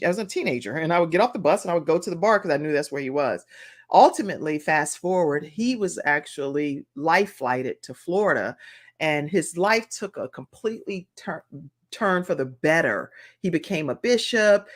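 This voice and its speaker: A woman talk show host telling a personal story in an animated, expressive way. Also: deep voice.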